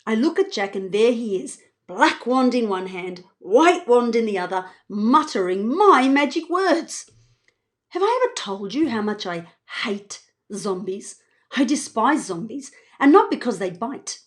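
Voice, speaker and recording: Expressive woman reading a storybook. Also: on the high side, unhurried. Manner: expressive, playful narration. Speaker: author. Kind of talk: children's storybook read-aloud.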